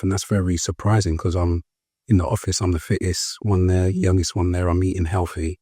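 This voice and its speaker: A young man with a deep, slightly husky voice tells his story as an interview guest. He speaks earnestly, step by step, padding his sentences with ums and starting over. The sound is close and dry. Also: flat delivery, brisk, warm tone, no room sound. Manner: hesitant, full of ums and restarts. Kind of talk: personal story in a conversational interview.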